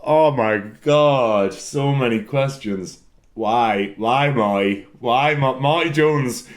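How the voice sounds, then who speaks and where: A man's voice: medium pitch, slow. Giggly man rambling and laughing. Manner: giggly, bursts into loud laughter, swears freely; rambling, repeats words for comic effect. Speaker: wrestler answering fan questions. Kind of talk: solo casual chat.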